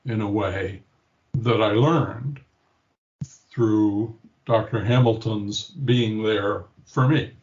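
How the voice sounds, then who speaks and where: In dull-sounding audio, an older man, a grandfather interviewed as a patient, shares a personal story with reflection, voicing the people he quotes. His voice is fairly low and darkish, and he talks extremely slowly.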